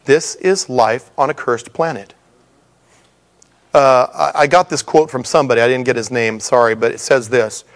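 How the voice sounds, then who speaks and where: A man's voice: medium pitch, moderate pace. A middle-aged man preaching a sermon in a conversational way, with humorous asides to the congregation. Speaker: pastor.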